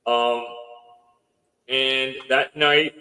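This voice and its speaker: A man's voice: medium pitch, steady tone, very slow, bright, forceful tone, poor audio. Man telling a story in rambling reported speech. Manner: retells events with lots of quoted dialogue; rambling, with restarts and filler words. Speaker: podcast guest, house owner. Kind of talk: casual storytelling.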